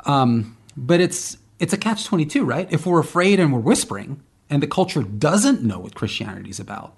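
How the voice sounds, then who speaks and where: A man's voice: on the high side, big pitch swings, normal speed, gravelly, slightly rough. A man co-hosting a faith discussion podcast, talking in an emphatic, questioning way. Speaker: podcast co-host.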